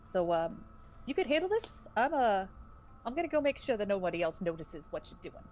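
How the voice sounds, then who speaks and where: A woman's voice: medium pitch, very animated, brisk, a little mellow, slight background noise. A young woman running a tabletop game, chatting casually and laughing often. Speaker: game master.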